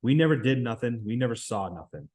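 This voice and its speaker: A man reading aloud and voicing a shrill, anxious boy who pleads and insists in rough everyday grammar. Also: big pitch swings, fairly quick, darkish tone, lightly acted.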